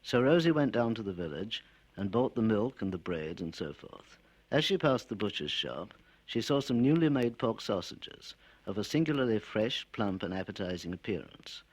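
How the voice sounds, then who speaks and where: A man reading his own short stories aloud in a wry, measured storytelling manner on an old spoken-word record. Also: fairly low pitch, expressive, low-quality recording.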